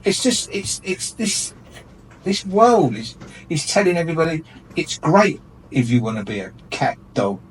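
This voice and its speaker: A man's voice: fairly high pitch, sing-song, measured pace, far from the mic, slight background noise, low-quality recording. A man ranting with indignation in a light-hearted radio chat, laughing often. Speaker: radio show regular airing his gripes.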